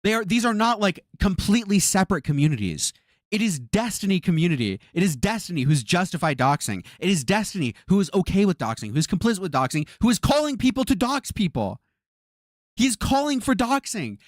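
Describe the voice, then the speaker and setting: A man's voice: high voice, very animated, brisk, no echo, clean studio sound. A man streaming a reaction, exasperated, swearing often and repeating himself. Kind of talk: live-stream reaction commentary.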